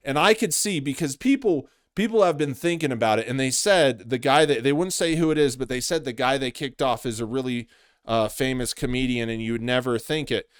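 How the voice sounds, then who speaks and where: Man with a smooth voice giving rambling commentary. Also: medium pitch, no room sound, clean studio sound. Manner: rambling, opinionated, full of fillers. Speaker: commentary channel host. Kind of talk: commentary monologue.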